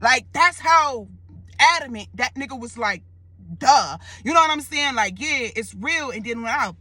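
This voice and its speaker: A young woman animatedly retelling a wild dream in a casual vlog, swearing and slangy. Her voice sits high and bright. The sound is close and dry. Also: lively intonation, normal speed, no room sound. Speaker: storyteller vlogger.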